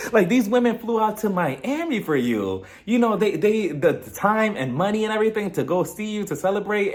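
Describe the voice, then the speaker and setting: A man giving a casual, mocking recap of a reality TV episode, slipping into quick impressions. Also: on the high side. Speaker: TV recap reviewer.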